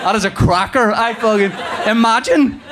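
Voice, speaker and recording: A man's voice: high voice, moderate pace, background noise. A male stand-up comedian and father telling chatty anecdotes and acting out dialogue. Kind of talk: stand-up routine.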